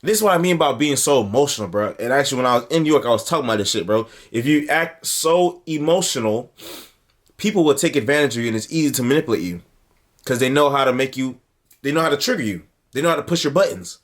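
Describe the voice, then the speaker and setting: A young man hosting a reaction video, talking in a blunt, animated way, with heavy slang. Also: medium pitch, fast talker. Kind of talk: casual reaction commentary.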